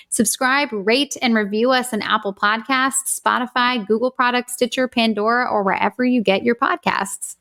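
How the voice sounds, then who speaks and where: A woman co-hosting a movie podcast in casual chat, reading the show's plugs briskly. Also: fairly high pitch, fairly bright tone. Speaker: podcast co-host. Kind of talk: casual chat and show outro.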